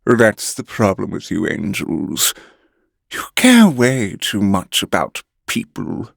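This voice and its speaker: A male narrator voicing a cruel, mocking male vampire who taunts in slow, purring menace. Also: on the low side, huge pitch swings, vocal fry, dry recording, clean studio sound, full character voice. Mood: taunting.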